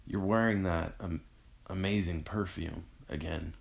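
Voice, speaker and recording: A man voicing a dying young man who gasps for breath between words, weak and strained, slow and gravelly. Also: sits low, steady tone. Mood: gasping, tender.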